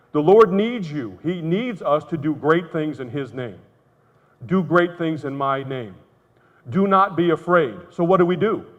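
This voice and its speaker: A middle-aged man giving an earnest, emotional testimony as a conference speaker. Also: a little high. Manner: earnest storytelling, candid and emotional. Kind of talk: testimony talk. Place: conference hall. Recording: muffled, reverberant hall sound.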